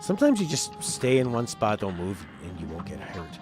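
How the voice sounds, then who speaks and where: A man's voice: fairly low pitch, huge pitch swings, normal speed, music in the background. A man streaming a video game, rambling through casual commentary with joking asides. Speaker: gaming streamer. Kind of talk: casual live gameplay commentary.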